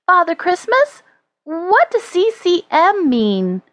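A woman doing an excitable young boy. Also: extremely high pitch, slow, dry recording, pitched above the performer's own voice, heavily acted. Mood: curious. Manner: breathless, amazed exclamations. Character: excitable nine-year-old boy.

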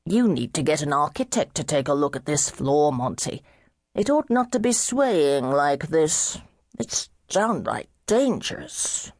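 A woman voicing a drunken young gentleman of about twenty-five, who rambles and fumbles for words. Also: deep voice, very animated, unhurried, no room sound, clean studio sound, full character voice. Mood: tipsy, rambling. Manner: slurred, fumbling for words, merrily befuddled.

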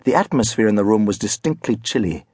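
Husky, expressive male audiobook narrator. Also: on the low side, fast, dry recording, clean studio sound. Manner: wry, expressive storytelling. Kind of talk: scripted narration.

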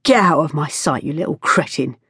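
A woman's voice: low-pitched, animated, a little fast, fairly bright tone, slightly rough, dry recording, studio quality, full character voice. Woman doing a weary one-eyed ex-soldier. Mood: angry. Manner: terse, through gritted teeth. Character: weary one-eyed ex-army man in pain.

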